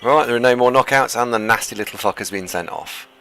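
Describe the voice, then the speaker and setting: A man's voice: medium pitch, fast, sharp tone, slight background noise. A man commenting on a game stream with wry, self-critical remarks. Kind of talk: casual chat over gameplay.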